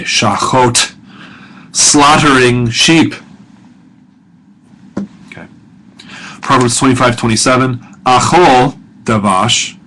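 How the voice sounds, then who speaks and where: A middle-aged man teaching a recorded grammar lesson. He sounds out each word slowly and repeats it, stopping to correct himself with patience. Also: medium pitch, fairly bright tone, rough recording. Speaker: professor.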